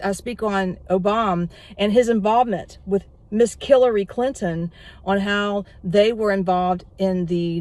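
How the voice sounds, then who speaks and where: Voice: medium pitch, no room sound. A prediction vlogger in a casual solo monologue, rambling and getting worked up. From United States. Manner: excitable, gets worked up, rambling.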